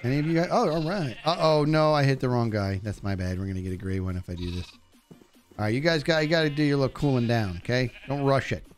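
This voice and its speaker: A man's voice: medium pitch, quick pace, soft background music. A man streaming a game live, chatting casually to his viewers and to the animals on screen. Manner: chatty, talks to animals and chat. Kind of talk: live gameplay commentary.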